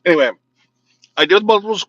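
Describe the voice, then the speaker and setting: A man's voice: sits high, racing, fairly bright tone, no room sound. A man hosting his own casual video talk show, his speech slightly slurred and mumbling at times. He rants bluntly and jokes as he goes. The recording is dry, with a dull, lo-fi sound. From United States, Illinois. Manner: blunt, joking, ranting. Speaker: vlog host. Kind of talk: casual political rant to camera.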